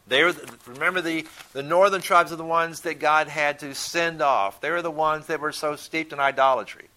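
Guy teaching bible study, bright clear voice, kinda rambly, keeps asking the class questions. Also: a little high, fairly even intonation, moderate pace. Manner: conversational, repeats words while thinking; asks the listeners questions.

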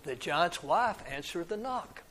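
The storyteller reads a fairy tale to kids at a measured pace, his voice a little high, expressive, and a bit bright. He breaks in with small asides for the children and sometimes stumbles over a word.

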